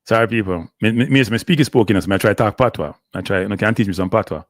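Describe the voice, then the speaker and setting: A man with a Jamaican accent hosting a casual live stream, teasing and animated, often repeating himself. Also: lowish voice, fast talker, dry recording, clean studio sound. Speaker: show host.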